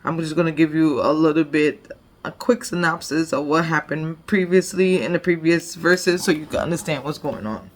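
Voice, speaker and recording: A woman's voice: sits low, normal speed, a little hiss or hum. A woman leading a devotion, retelling a Bible story conversationally with frequent "like" and "you know". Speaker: devotion leader.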